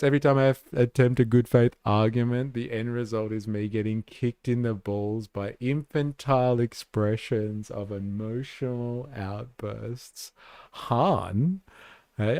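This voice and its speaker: Mellow-voiced guy streaming, sarcastic and sweary, laughs a lot, dry close mic. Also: mid-range voice, unhurried, clear, resonant tone, dry recording. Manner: sarcastic, profane, laughs often. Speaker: live-stream host. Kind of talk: casual live-stream commentary.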